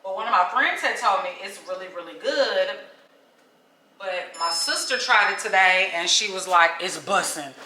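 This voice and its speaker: Woman in her 30s, bright ringing voice, chatty vlogger who rants animatedly. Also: moderate pace, slight background noise. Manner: animated, exasperated ranting with rising pitch. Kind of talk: casual vlog chat. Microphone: small handheld pocket camera.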